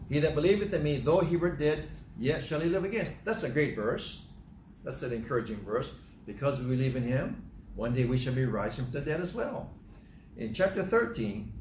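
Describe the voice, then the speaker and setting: A man preaching a sermon, reading scripture aloud and stressing key verses with rising emphasis. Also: a little mellow. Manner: emphatic, rises in pitch on key scripture lines. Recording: echoey room with faint ambient noise.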